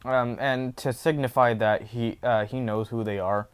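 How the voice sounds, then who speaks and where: A man's voice: medium pitch, steady tone, normal speed, clear, resonant tone. A man casually retelling a fan story off the cuff, rambling with many fillers and self-corrections.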